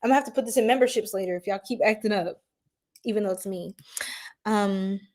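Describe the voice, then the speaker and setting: A woman's voice: medium pitch, brisk, darkish tone. A woman hosting a casual astrology livestream, chatting with her viewers in a giggly, flustered way. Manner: giggly, flustered, talks straight to chat.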